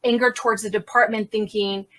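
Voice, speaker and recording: A young adult woman, a crime scene investigator, telling a candid story in an interview and acting out the quotes loudly. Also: fairly high pitch, a little fast. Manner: animated, acts out quotes loudly.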